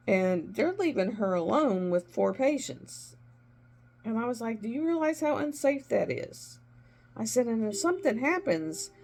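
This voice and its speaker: A middle-aged woman and former nurse chatting casually while she crafts, retelling conversations with emphatic, animated delivery. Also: medium pitch, gravelly.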